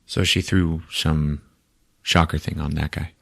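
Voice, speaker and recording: A man's voice: very deep voice, flat delivery, measured pace, creaky, a bit bright, breathy edge, dry recording, studio quality. A man hosting a podcast, recapping a movie in a casual, profane way with frequent laughter. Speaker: podcast host.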